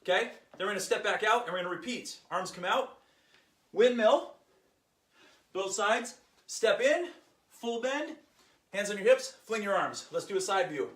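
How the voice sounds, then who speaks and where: A man hosting a fitness show, leading an exercise demo and then chatting in an energetic, jokey, rambling way, a little out of breath. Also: high-pitched, moderate pace, pauses often, slightly rough. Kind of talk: exercise demo and casual podcast chat.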